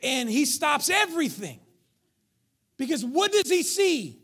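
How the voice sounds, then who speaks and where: A male pastor preaching a sermon in church, emphatic, joking with the congregation, swinging between shouting and near-whisper. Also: very high voice, big pitch swings, unhurried.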